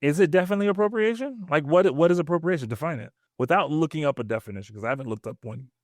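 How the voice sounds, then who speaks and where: A man co-hosting a casual podcast chat, asking questions in a loose, animated way. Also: a little high, rapid-fire, no echo, clean studio sound. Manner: questioning, animated, loose filler-heavy talk. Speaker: podcast co-host.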